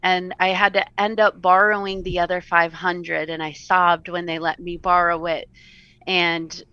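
A woman's voice: fairly low pitch, level tone, sharp tone, no room sound, lo-fi sound. A woman telling her personal story as an interview guest, earnest and sometimes close to tears. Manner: earnest, tearful at times, quick laughs.

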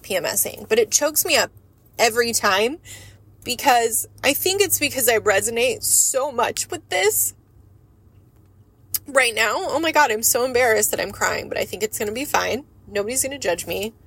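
A woman's voice: fairly high pitch, a bit bright, slightly rough. A woman hosting her own podcast and working as a coach, talking candidly in a rambling way and swearing freely. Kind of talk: casual podcast monologue.

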